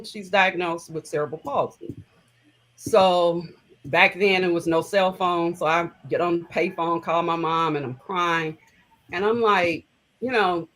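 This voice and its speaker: A woman's voice: fairly low pitch, a bit bright, poor audio. A middle-aged woman telling a personal story as an interview guest, conversational and emotional, with many fillers.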